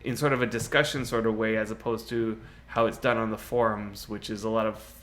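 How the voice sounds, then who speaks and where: A man's voice: fairly low pitch, flat delivery, a little fast, fairly bright tone, slight background noise. A man chatting casually on a game live stream, rambling, laughing often and answering viewers' chat. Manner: laughs often, with many fillers like "you know".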